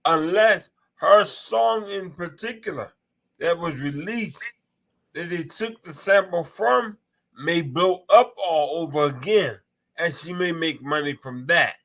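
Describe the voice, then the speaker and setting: A man's voice: a little high, takes it slowly, fairly bright tone, rough recording. A man on a casual chat panel explaining a point methodically.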